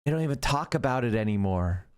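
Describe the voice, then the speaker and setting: A man's voice: mid-range voice, animated, quick pace, darkish tone, clear, resonant tone. A man hosting a stream, reading news aloud and ranting sarcastically in casual political commentary, with some swearing. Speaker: streamer host.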